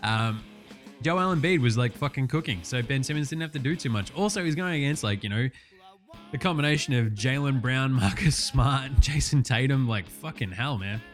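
A man's voice: medium pitch, lively intonation, normal speed, soft background music. Profane, jokey Australian man. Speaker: podcast host. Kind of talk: casual sports chat.

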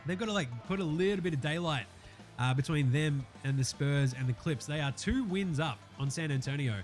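High-voiced Australian podcast host. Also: male voice, brisk, faint music behind. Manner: swears freely, laid-back slangy banter. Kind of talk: casual sports podcast chat.

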